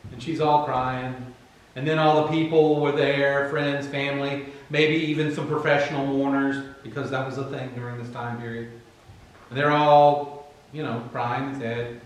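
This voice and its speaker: A man with a Virginian accent, preaching a sermon conversationally and acting out Bible figures in quick asides. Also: mid-range voice. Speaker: pastor. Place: church. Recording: very echoey room, far from the mic.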